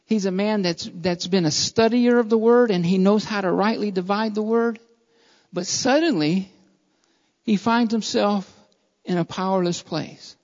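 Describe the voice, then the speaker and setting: A preacher delivering a sermon in repeated, building phrases, by turns loud and fervent, then quiet and earnest. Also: mid-range voice, measured pace, big-room sound, highs cut off.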